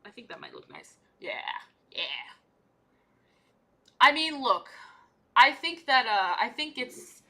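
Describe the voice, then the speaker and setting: Young woman, live-stream chatter, bright higher voice, playful and repetitive while she paints. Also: animated, takes it slowly, long pauses. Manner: chatty, repeats herself, playful silly asides. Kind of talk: casual live-stream chat.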